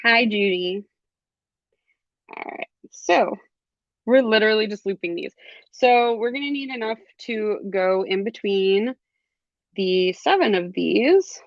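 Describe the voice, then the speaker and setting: Chatty young woman instructor, gravelly fry, dry close audio. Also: mid-range voice, animated, takes it slowly, long pauses, dry recording, lo-fi sound. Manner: chatty, laughs often, lots of ums. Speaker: jewelry class instructor. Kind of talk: live online craft class.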